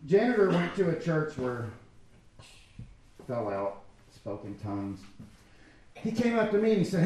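High-voiced pastor in an echoey church. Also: male voice, normal speed, long pauses. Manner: animated, conversational preaching with acted-out quotes. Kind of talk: sermon.

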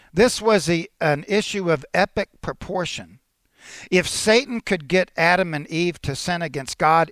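A man's voice: high-pitched, a bit bright, dry recording, clean studio sound. A male pastor preaching a sermon to his congregation, teaching earnestly and quoting scripture with some restarts.

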